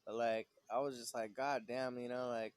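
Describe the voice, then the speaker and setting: A man's voice: mid-range voice, little pitch movement, brisk, darkish tone, clear, resonant tone, dry recording. Guy ranting on his vlog, lots of "you know what i'm saying", cussing, mid voice, dry sound. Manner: rambling, heavy fillers and swearing. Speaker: vlogger. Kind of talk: casual rant to camera. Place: San Diego.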